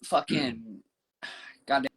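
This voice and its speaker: A man's voice: mid-range voice, very slow, a bit bright, slightly rough. A man with a Southern accent, a podcast guest telling long profane stories full of restarts and fillers. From rural Southern US. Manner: profane, rambling storyteller with many restarts. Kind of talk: casual podcast chat.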